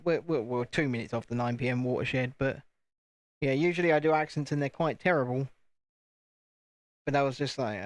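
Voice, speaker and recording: A man's voice: mid-range voice, no echo. A British man hosting a casual live stream from home, chatting and joking at his own expense while building. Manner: chatty, joking, self-deprecating. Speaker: channel host.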